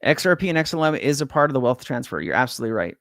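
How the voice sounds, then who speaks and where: A middle-aged Californian man hosts a crypto livestream from his home in Hawaii, reading viewer comments and trading slangy, profane banter in a laid-back way, often saying "man" and "bro." His voice sits on the high side and is fairly bright, and he talks quickly. The recording is clean, studio-quality, with no room sound.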